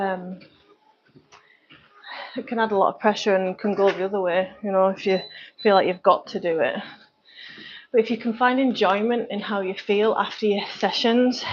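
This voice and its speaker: A woman's voice: mid-range voice, muffled recording, a little hiss or hum. A woman with a Manchester accent chatting casually as a fitness coach on a live stream, rambling with lots of fillers. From North West England.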